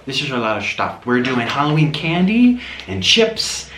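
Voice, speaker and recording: A man's voice: fairly high pitch, big pitch swings, normal speed, reverberant. A man vlogger in playful chat, teasing his pet in exaggerated sing-song baby talk. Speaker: mukbang vlogger. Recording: loud background noise with clicks.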